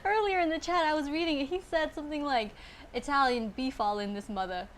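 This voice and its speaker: A woman's voice: high voice, fairly quick. A woman co-hosting a podcast who reads viewer comments aloud in a giggly manner. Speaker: podcast co-host reading chat. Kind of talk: casual chat. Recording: noisy line with clicks.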